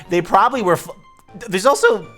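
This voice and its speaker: Brief: giggly woman streamer, casual chat, lively swoops in pitch. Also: a little slow, soft background music. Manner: giggly, swearing, talks over herself. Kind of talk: casual let's-play chat.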